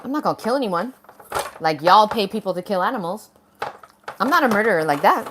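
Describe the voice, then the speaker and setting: A woman's voice: mid-range voice, animated, a little fast, long pauses, noisy background. A woman hosting a livestream, answering a viewer comment in a blunt, heated, swearing rant. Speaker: livestream host.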